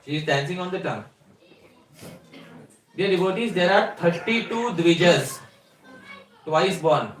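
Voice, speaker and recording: Man, scripture lecture, questioning tone, fairly high voice, echoey room. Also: a little slow, pauses often, faint music behind. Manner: quizzes listeners, explains verses. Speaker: spiritual teacher. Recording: echoey room, mic at a distance.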